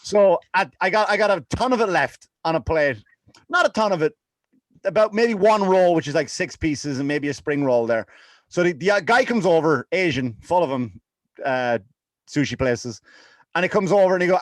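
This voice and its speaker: A man's voice: on the high side, expressive, brisk, no room sound. A middle-aged man co-hosting a podcast, telling a story in casual chat with frequent swearing. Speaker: podcast co-host.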